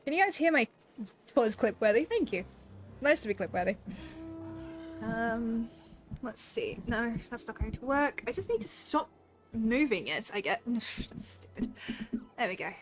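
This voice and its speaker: A woman's voice: fairly high pitch, lively intonation, unhurried, pauses often, soft background music. A woman streamer chatting casually to her viewers while playing, laughing often and poking fun at herself. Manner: self-deprecating, laughs often, talks to chat. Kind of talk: casual gameplay commentary.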